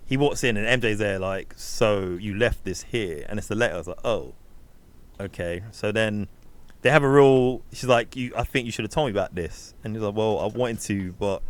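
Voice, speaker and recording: A man in casual chat, recapping a film's plot and acting out characters' lines in quick asides. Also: mid-range voice. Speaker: film review podcast co-host.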